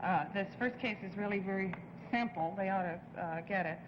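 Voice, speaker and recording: A woman's voice: mid-range voice, brisk. A woman guest on a game show, bantering playfully and putting on a mock-formal detective voice. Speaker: celebrity guest. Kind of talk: game show banter, reading comic mysteries. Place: TV studio before an audience. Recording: lo-fi 1960s TV audio with reverb and hiss.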